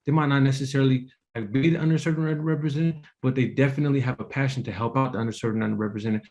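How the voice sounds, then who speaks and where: A man telling his personal story to a meeting audience in a casual, rambling way, full of fillers and restarts, earnest and emotional. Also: medium pitch. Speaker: apprentice speaker at a business meeting.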